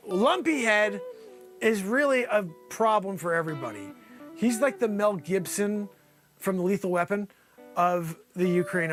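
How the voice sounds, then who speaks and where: A man hosting an improvised comedy news spot, rambling and teasing in a mock-anchor delivery. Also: high voice. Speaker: comedy news show host.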